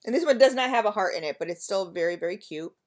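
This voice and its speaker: A woman talks through a casual product review vlog at an easy, middling pitch. She sounds chatty and effusive, speaks right to her viewers, and fills her pauses with ums as she sniffs and judges each scent. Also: animated. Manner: chatty and gushing, addresses viewers as you guys, frequent ums. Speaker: wax melt reviewer.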